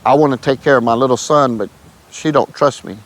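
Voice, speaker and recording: A man's voice: mid-range voice, fairly quick. A man, telling his testimony in a casual, emotional way and often calling the listener "man". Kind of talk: casual storytelling.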